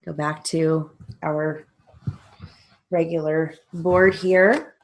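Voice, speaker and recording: A woman with a lowish voice teaching a stenography theory lesson. She talks very slowly, dictating practice sentences one by one and spelling out each letter with deliberate patience. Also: steady tone.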